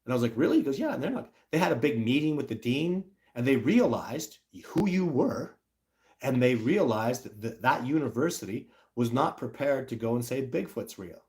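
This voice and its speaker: A man's voice: mid-range voice, very animated, normal speed, a little mellow. A middle-aged man, telling a story on a livestream in a blunt, ranting way. He acts out other people's lines in mocking voices. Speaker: livestream host.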